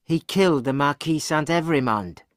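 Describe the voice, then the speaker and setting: A man voicing a stern, fierce French wine-shop woman in an audiobook, speaking in a firm, grim, measured way. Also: a little high, animated, dry recording, clean studio sound, voice pushed up, close to an everyday voice. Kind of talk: graded reader audiobook acting.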